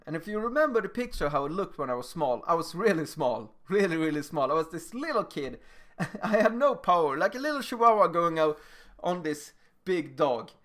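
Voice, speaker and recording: Animated young man telling his story. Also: a little high. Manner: animated, emphatic, acts out moments. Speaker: lecturer. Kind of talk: personal storytelling lecture.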